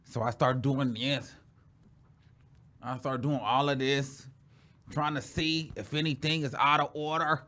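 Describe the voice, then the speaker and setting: A man hosting his own show, telling a story in a sassy, dramatic way and calling his listeners "girl", with sudden loud exclamations. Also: medium pitch, flat delivery, a little slow, long pauses. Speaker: show host. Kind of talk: casual storytelling chat.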